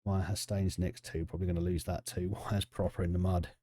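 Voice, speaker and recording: A man's voice: low voice, little pitch movement, a little fast, dark tone, dry recording, clean studio sound. A man, chatting casually and joking with viewers while streaming a football management game. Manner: chatty, jokey, reacts to chat and the match. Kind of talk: casual live-stream commentary.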